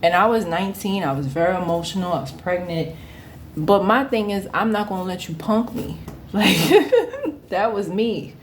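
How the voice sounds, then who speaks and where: Animated woman telling a story. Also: medium pitch, normal speed, slight background noise. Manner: animated, acts out quoted voices; laughs often at her own story. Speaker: vlogger. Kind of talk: casual storytime.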